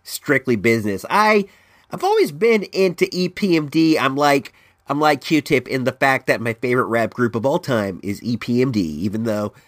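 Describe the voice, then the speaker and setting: A man's voice: sing-song, moderate pace, no room sound, clean studio sound. A stuffed-up man hosting a casual solo show, rambling and repeating himself, calling in from California. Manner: rambling, repeats words, swings high and low. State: stuffed-up nose from allergies. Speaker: podcast host. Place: at home in California.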